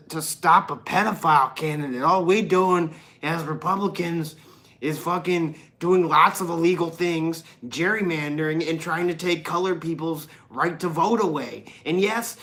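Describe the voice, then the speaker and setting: A man voicing a whiny, crying male Republican caricature in a high, sobbing voice whose accent keeps shifting, mocking and exaggerated. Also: normal speed, a bit bright, close to an everyday voice.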